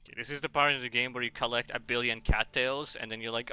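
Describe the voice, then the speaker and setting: Man, russian-english-french accent, playful streamer, rambling chat, very bright tone, smooth clear voice. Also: mid-range voice, fast, few pauses, soft background music. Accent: mixed Russian, French and English. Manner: playful, rambling, bursts of excitement. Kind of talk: casual gameplay commentary.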